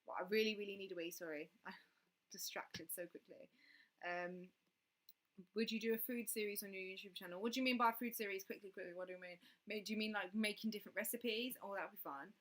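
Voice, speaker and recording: Young woman, livestream host, casual chat, rambling with "like", bright forceful tone, mid-range pitch. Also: steady tone, fast talker. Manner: rambling, full of "like" and restarts; reads viewer comments aloud and answers them.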